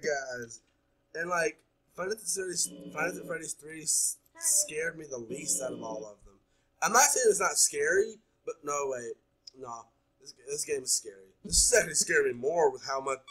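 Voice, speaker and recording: A man's voice: a little high, bright, forceful tone, husky, poor audio. A man playing a horror game, chattering nonstop and jumpy as he talks his audience through it. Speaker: gaming YouTuber. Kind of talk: horror game let's play commentary.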